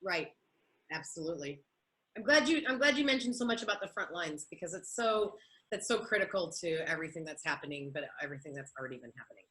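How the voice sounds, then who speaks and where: A woman podcast host with a bright, crisp voice. She speaks in a friendly, conversational way, agreeing with her guest and reading out listener questions. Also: on the low side, lively intonation, fast, poor audio. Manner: affirming, conversational.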